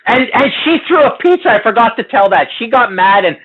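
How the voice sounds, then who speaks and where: A man's voice: very high-pitched, animated, a little fast, husky. A man telling stories in a casual chat, loose and profane, poking fun at himself. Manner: loose, profane, self-deprecating. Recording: tinny phone-like line.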